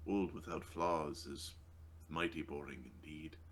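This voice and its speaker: A man's voice: a bass voice, steady tone, measured pace, a bit bright, slight background noise, pitched below the performer's own voice. A man voicing a druid adventurer in a wry, joking way.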